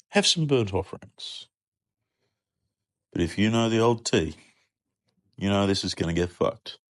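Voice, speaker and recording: A man's voice: no room sound, clean studio sound. Sweary sarcastic man narrating. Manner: sweary, sarcastic, jumps into loud high-pitched character voices. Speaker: comedy podcast narrator. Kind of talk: irreverent comic retelling.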